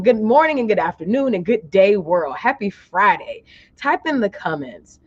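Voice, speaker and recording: A woman life coach leading a live-streamed motivational session, urging viewers to type affirmations and breathe with her, drawing key phrases out slowly. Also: on the high side, big pitch swings, highs cut off. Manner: encouraging, call-and-response, drawls affirmations slowly.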